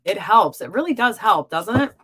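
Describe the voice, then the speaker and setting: A young adult woman hosting a live stream as a psychic reader, chatting warmly and encouragingly with viewers. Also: medium pitch, big pitch swings, moderate pace, background noise. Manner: warm, encouraging and upbeat. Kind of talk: live-stream chat reading viewer comments.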